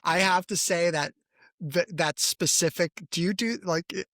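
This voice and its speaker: Measured, thoughtful man designer. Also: high voice, a bit bright, no room sound, clean studio sound. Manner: measured, thoughtful, a little hesitant. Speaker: designer, podcast co-host. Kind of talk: casual chat.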